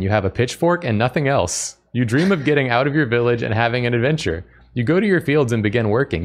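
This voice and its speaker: A man co-hosting a stream in casual chat, reading a text adventure's story aloud with frequent chuckles. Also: medium pitch. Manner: amused, chuckles often while reading. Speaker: stream co-host.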